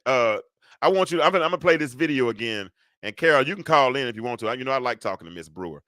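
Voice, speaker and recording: A man in his fifties hosting a live call-in talk show, rambling and animated as he talks back to callers and chat. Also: mid-range voice, very fast, dry recording, clean studio sound. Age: 50s. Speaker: show host.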